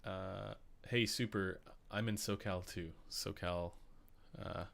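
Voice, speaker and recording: Canadian guy hosting a stream, low gravelly voice, laughs a lot, lots of ums. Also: fairly even intonation, slow pace, a crowd in the background. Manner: chatty, laughs often, many fillers. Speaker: podcast host. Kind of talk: casual live-stream chat.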